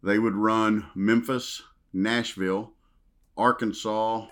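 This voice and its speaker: A man's voice: lowish voice, fairly even intonation, takes it slowly, a bit bright. A man from Western Kentucky with a Southern drawl, telling stories unhurriedly as a podcast guest. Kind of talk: casual podcast chat.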